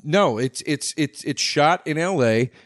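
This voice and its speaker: Male podcast co-host, casual chat, bouncy animated delivery, dry studio mic. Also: fairly high pitch, measured pace, no room sound. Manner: animated joke-telling, laughs at own jokes.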